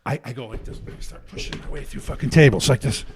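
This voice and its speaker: A middle-aged man telling an animated, profane comedy story, acting out the other people in it. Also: medium pitch, quick pace. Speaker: guest comedian.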